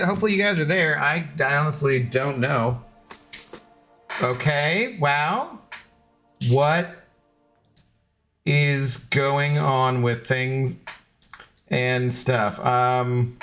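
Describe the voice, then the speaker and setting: Male game streamer, chatty and scattered, slightly higher voice. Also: fairly bright tone. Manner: chatty and scattered, baby-talking to his dog. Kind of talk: casual live stream chat.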